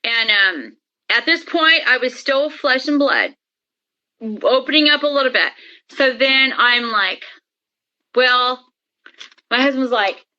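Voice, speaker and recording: High-pitched woman telling her story, bright voice, lively, does all the voices, kinda muffled recording. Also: slow, long pauses. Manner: lively, acts out quoted dialogue. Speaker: interview guest, paranormal experiencer. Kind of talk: animated storytelling.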